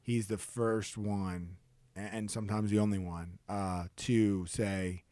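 A man co-hosting a podcast, telling stories in a casual, animated way. He acts out the people he quotes in a high, excited voice and often restarts his sentences. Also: takes it slowly, no room sound, clean studio sound. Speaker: podcast co-host. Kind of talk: casual storytelling chat.

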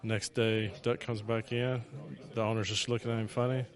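A man's voice: fairly low pitch, flat delivery, normal speed. A man answering questions casually and telling a joke in a laid-back way. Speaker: interviewee.

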